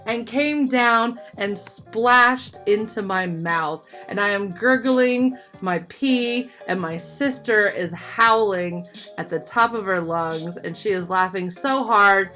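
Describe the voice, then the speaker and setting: Woman vlogger rambling through a story, lots of "like", medium pitch, faint music behind. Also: slow, few pauses. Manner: animated, chatty, full of "like" and "you know". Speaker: art vlogger. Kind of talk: casual storytelling.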